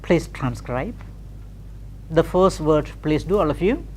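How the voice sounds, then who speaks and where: A man teaching English pronunciation in a classroom, slow and deliberate, repeating words for practice and checking in with "okay". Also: a little high, animated, darkish tone, a little hiss or hum.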